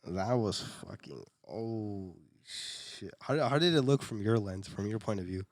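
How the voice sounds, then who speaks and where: A man's voice: fairly low pitch, lively intonation, a little slow, no room sound, clean studio sound. A young man co-hosting a podcast, telling a story in a loose, casual way, laughing often, swearing and repeating himself. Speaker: podcast co-host.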